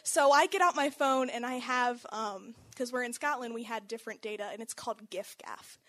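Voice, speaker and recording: High-voiced young woman telling a story. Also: normal speed. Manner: animated, chatty, laughs often, says "like" a lot. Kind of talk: casual personal storytelling.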